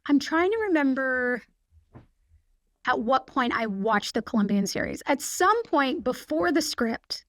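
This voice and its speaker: A woman's voice: high-pitched, expressive, measured pace, a bit bright, no room sound. A woman in her forties, a guest actress on a podcast, telling stories in a chatty way with many fillers. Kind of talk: casual podcast conversation. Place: podcast studio.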